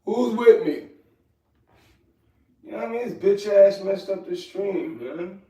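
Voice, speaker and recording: A middle-aged man chats on his livestream in a loose, rambling, streetwise way, often turning to his viewers. His voice sits a little high for a man. The room around him is echoey. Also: expressive, unhurried, mellow, distant mic. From New York. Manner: rambling, streetwise, talks to the chat. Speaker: livestream host. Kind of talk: casual livestream chat.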